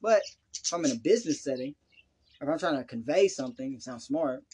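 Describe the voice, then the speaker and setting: A man's voice: mid-range voice, animated, fairly quick, a little mellow, slightly rough. A man with a Southern US accent, brash and profane, boasting about hustle on a casual podcast. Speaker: podcast co-host.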